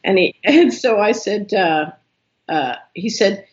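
A woman guest in an interview, telling a long story with lively, acted-out quoted dialogue. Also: mid-range voice, slow, highs cut off. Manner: animated storyteller who acts out quoted dialogue.

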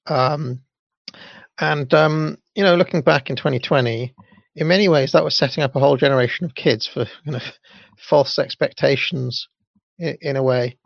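A man with a gravelly, creaky voice talks through his thoughts in a casual, halting way. The sound is dry and close, but a little muffled. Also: on the high side, no echo. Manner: hesitant, full of ums and restarts. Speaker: commentator. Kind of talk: casual commentary.

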